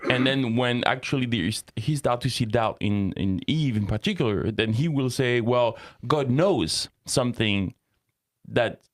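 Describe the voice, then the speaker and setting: A man hosting a Christian talk show, explaining ethics in an unhurried, thinking-aloud way with restarts. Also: mid-range voice, no echo, clean studio sound. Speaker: host and ethics teacher.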